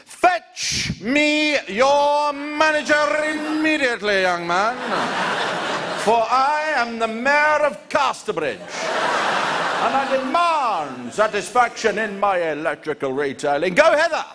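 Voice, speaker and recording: A man playing a pompous posh gentleman making grand demands in old-fashioned phrases, pitched high with sweeping rises and falls. It is heard on a live recording with loud noise behind. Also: sing-song, slow, exaggerated voice. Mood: imperious. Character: pompous self-important posh male customer.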